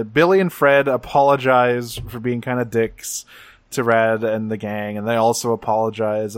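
A man's voice: medium pitch, dry recording. A man co-hosting a podcast, recapping an episode in casual, profane, wry chat. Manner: laid-back, profane, wry. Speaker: podcast co-host.

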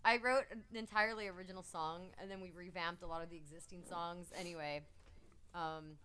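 Relaxed woman chatting on a call. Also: on the low side, a little fast, clean tone. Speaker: script writer. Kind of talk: casual chat over a video call. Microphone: remote call mic.

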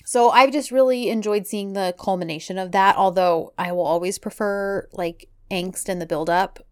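A woman's voice: medium pitch, steady tone, normal speed, clear, resonant tone. A woman co-hosting a casual podcast, rambling through her thoughts with many "like"s and "um"s. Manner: rambling, full of "like" and "um". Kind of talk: casual chat recapping a TV drama.

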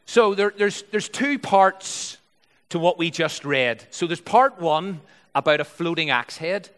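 Guy preaching in a big echoey church, earnest, kinda high voice. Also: lively intonation, a little slow, a bit bright. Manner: earnest, explanatory, reads with feeling. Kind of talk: sermon with scripture reading.

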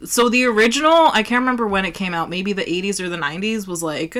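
A woman talks loosely with a friend on a podcast. Her voice is bright and she leans hard on "like" between words. Her swearing comes easily in the chat. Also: mid-range voice, fast talker. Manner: swears freely, heavy use of "like". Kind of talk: casual chat.

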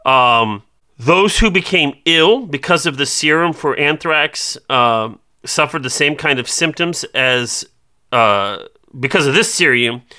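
A man co-hosting a relaxed podcast conversation, his voice strikingly bright and forceful. He reads trivia from his notes and stumbles over fillers as he goes. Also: on the high side, a little slow, clear, resonant tone. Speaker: podcast co-host. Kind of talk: casual podcast chat.

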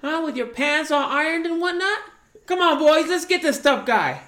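A man's voice: extremely high pitch, lively intonation, normal speed, sharp tone, roomy sound, slight background noise, pitched above the performer's own voice, full character voice. A man putting on a Boston accent to play a rowdy tough-guy gang boss barking orders at his crew. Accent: Boston put-on.

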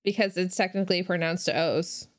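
A woman's voice: medium pitch, a little slow, creaky, a little mellow, no room sound, clean studio sound. A woman co-hosting a podcast in casual chat, bubbly and playfully teasing, laughing often. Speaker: podcast co-host.

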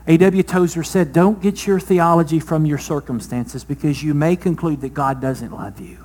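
A man preaching a sermon, asking the congregation rhetorical questions, his voice rising loud and then dropping soft. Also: fairly high pitch, normal speed. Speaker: pastor.

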